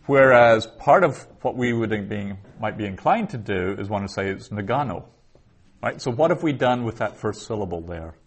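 A man teaching a Hebrew lesson, explaining slowly and thinking aloud with frequent restarts. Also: on the low side, animated. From the West. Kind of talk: lecture on Biblical Hebrew.

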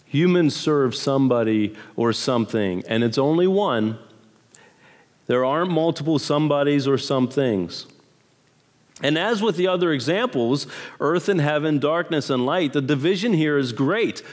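A man preaching a sermon in an emphatic, measured way, asking rhetorical questions. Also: fairly high pitch, animated, long reverb tail. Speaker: pastor.

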